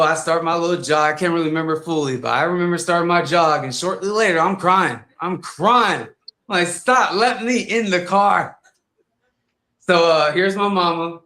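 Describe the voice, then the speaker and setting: A man, a fighter and guest, telling comic stories in a lively way and acting out voices. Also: on the high side, reverberant. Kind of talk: animated storytelling on a podcast.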